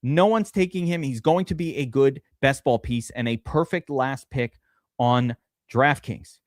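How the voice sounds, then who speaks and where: A man hosting a live-stream fantasy draft, talking in an excitable, rambling way and swearing often. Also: medium pitch, a little slow, no echo, studio quality. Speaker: streamer host.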